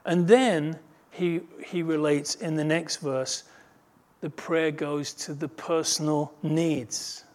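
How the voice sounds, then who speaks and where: Earnest preaching man, slightly high voice. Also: slow pace, darkish tone. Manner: earnest expository preaching, rises in pitch when retelling parables. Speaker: pastor. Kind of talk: sermon.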